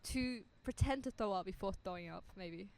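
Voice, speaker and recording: A woman's voice: mid-range voice, moderate pace, a little mellow, a little hiss or hum. A young woman, co-hosting a casual student podcast and rambling through stories with lots of fillers. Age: young adult. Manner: rambling, filler-heavy storytelling. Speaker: podcast co-host. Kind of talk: casual chat.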